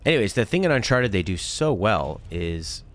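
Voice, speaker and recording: Brief: deep-voiced young gaming host, lively, chatty and jokey while playing. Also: male voice, moderate pace. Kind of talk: casual let's-play commentary.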